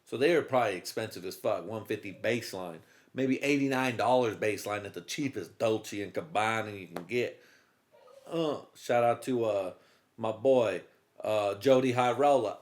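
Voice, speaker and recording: A man's voice: lowish voice, normal speed. A man hosting a comedy podcast, telling a story casually in a profane, rambling way with lots of fillers. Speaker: podcast host.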